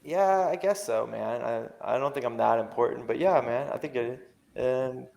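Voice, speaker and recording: A man's voice: medium pitch, normal speed, vocal fry, darkish tone. A young man talking as a podcast guest, rambling and slangy with lots of fillers and casual swearing.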